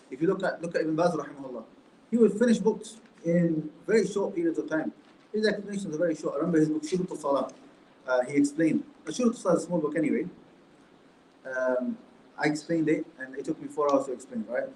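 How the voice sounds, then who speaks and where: In an indoor classroom, a man teaching Islamic studies lectures conversationally about a book and keeps asking his class rhetorical questions. His fairly high voice is a little mellow, with slight background noise. The recording has roomy echo and faint ambience.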